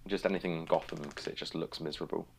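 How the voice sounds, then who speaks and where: A man's voice: rumbling low, fairly even intonation, rapid-fire, creaky, darkish tone, slight background noise. A man co-hosting a podcast in casual chat, dry and matter-of-fact. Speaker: podcast co-host.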